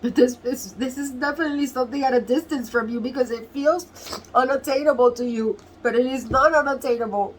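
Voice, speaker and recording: A woman giving a tarot reading to camera, emotional and earnest, often laughing softly and near tears as she repeats phrases. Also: high-pitched, fairly quick, a little hiss or hum, rough recording. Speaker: tarot reader.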